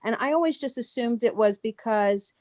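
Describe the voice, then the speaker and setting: A woman's voice: on the high side, moderate pace, darkish tone, no room sound. A woman child care teacher asking a question on a webinar, hesitant and searching for words. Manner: hesitant, searching, with many restarts.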